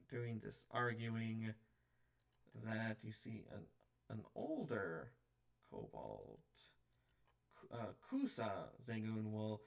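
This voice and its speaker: A man running a tabletop game as game master, often pausing and filling gaps as he narrates. His voice is gravelly, and he sits a little away from the mic. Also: lowish voice, distant mic. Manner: hesitant, full of fillers.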